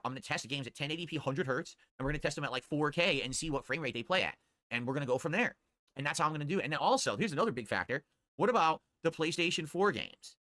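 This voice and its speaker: A man's voice: on the high side, pushed and bright, no room sound, studio quality. A man streaming live, chatting casually and answering viewer tips in a rambling way that repeats itself. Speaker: livestreamer.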